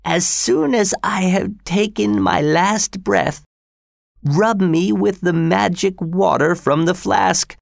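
A dying old man speaks in a frail, breathy voice, as a male reader puts him on, pitched well above the reader's own. His words come slowly and strangely, with a proud, knowing edge. The recording is dry and close. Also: no echo, heavily acted. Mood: urgent, weak. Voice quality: weak, breathy.

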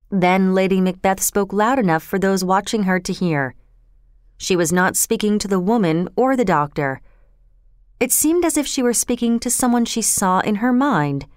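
A woman narrates a classic tale in a measured, carefully paced storybook reading. Her voice sits slightly low and sounds dry and close to the mic. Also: clean tone, no room sound.

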